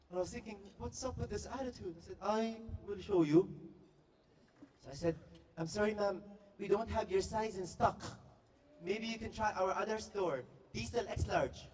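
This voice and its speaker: A man performing stand-up comedy at a staff party, telling stories with quick, playful delivery and deadpan punchlines. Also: high-pitched, recorded from a distance, a little hiss or hum. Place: party venue before a live audience.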